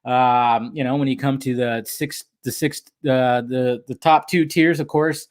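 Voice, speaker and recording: A man's voice: medium pitch, steady tone, measured pace. Male livestream host, casual, upbeat, chatty, mid-range voice. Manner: upbeat, greets chat viewers by name.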